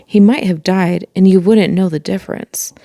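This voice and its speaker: A woman's voice: medium pitch, steady tone, moderate pace, dark tone, no room sound, studio quality, natural voice. A woman reading a chatty, cheeky schoolboy. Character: chatty, cheeky young wizard boy.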